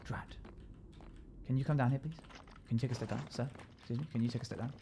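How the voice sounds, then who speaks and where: A man streaming a game live, chatting casually and jokily with sudden loud playful yells. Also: mid-range voice, fairly even intonation, fast talker, vocal fry, very noisy. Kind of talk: casual live-stream chat while gaming.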